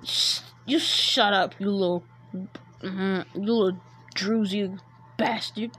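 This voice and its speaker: A woman's voice: mid-range voice, steady tone, slow pace, a bit bright, slight background noise. A woman voicing a proud, sulky rival boy ninja, muttering insults. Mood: resentful.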